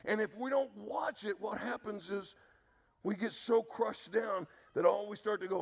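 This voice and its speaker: Middle-aged male pastor, gravelly, earnest sermon delivery, drops low on key words. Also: lively intonation, moderate pace, long reverb tail.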